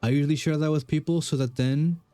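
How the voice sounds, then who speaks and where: A man's voice: fairly high pitch, steady tone, fast, dark tone, smooth, no room sound, soft background music. A young man streaming a game, casually rambling through questions with lots of fillers and self-deprecating asides. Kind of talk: casual chat while gaming.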